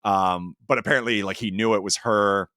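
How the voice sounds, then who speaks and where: In a casual movie review chat, a man hosting a podcast rambles on about a film, filling his talk with "like" and other fillers and animated rises. He speaks on the low side at a moderate pace, with clean studio sound and no room sound.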